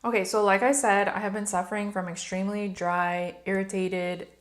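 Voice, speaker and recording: A woman's voice: medium pitch, little pitch movement, moderate pace. A woman beauty vlogger chatting casually and upbeat to her viewers, with frequent fillers. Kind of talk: casual haul vlog talk.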